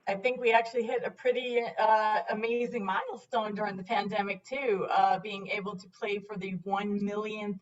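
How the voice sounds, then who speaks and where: A woman with a Staten Island New York accent, a board member talking earnestly in a halting, conversational way. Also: medium pitch, level tone, recorded from a distance, lo-fi sound. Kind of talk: conversational interview chat.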